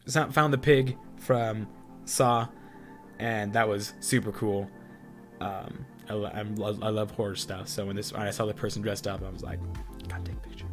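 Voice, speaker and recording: A man telling stories in a casual vlog, excitable and self-deprecating, with lots of fillers. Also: medium pitch. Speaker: vlogger.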